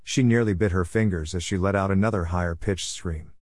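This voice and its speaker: A man reads a story chapter aloud in an even, measured way. His voice is low, and the sound is dry and close with no room echo. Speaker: narrator. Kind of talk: audiobook-style story narration.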